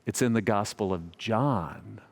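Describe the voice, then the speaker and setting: A man's voice: fairly low pitch, a little slow, creaky. A male pastor giving a sermon, telling a funny story in a conversational, self-deprecating way.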